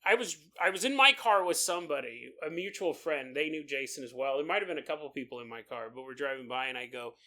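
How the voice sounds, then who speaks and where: A male podcast host on a livestream, chatting casually and telling stories with frequent laughter. His voice is bright and his pitch swings widely as he gets into his tales. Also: quick pace, hardly any pauses. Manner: animated storyteller, laughs often mid-sentence. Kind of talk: casual livestream chat, reading listener comments.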